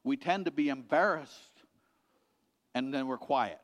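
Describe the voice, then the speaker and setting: A middle-aged man preaching a sermon as a pastor, earnestly repeating his points and letting them sink to a quiet finish. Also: medium pitch, a little slow. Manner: earnest, repetitive exhortation, dropping quiet at ends of points. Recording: reverberant hall.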